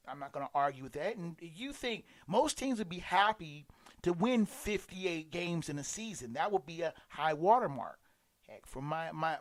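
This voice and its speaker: A man delivering a sarcastic, emphatic sports commentary monologue, stumbling and restarting often. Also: high voice.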